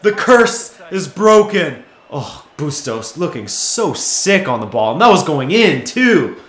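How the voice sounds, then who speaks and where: A man commentating his own football video game, muttering then yelling with excitement, his voice going hoarse. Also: a little high, takes it slowly, reverberant. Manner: excitable, swings from mutters to shouts. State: losing his voice. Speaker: gaming YouTuber.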